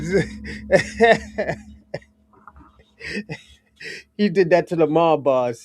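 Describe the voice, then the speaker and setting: A young man talks in a loose, rambling monologue about his movie. His voice sits a bit high, and he keeps breaking into laughs, restarting his sentences and swearing casually.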